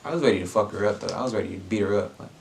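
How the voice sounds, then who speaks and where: A young man tells a story in a casual vlog. His voice sits fairly low, and his delivery is laid-back and slangy, full of fillers and restarts. A faint hum of room noise stays under the speech. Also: racing, gravelly, a little mellow. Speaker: vlogger.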